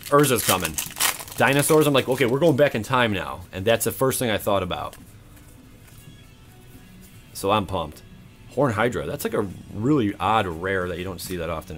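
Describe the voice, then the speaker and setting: A man hosting his own channel, opening card packs with excited, casual commentary, counting aloud and swearing freely. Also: on the low side. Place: home room.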